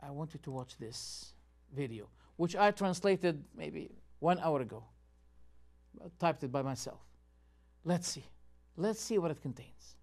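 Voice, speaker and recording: A man's voice: fairly high pitch, animated, normal speed, a little mellow. A man, a sheikh presenting a show and commenting on video clips with rhetorical questions and muttered asides.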